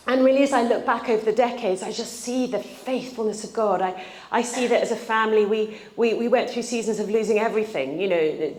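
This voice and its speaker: Woman preacher giving a sermon, earnest storyteller, mid pitch, echoey church. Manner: earnest, storytelling, slows for scripture reading.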